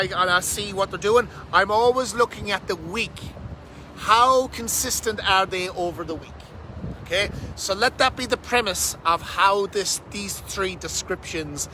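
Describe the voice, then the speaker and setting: Fast-talking man outdoors. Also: high-pitched, rough recording. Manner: fast, energetic, swears casually. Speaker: fitness coach. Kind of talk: casual vlog to camera. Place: outdoors under a bridge, windy. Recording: outdoor wind and traffic noise.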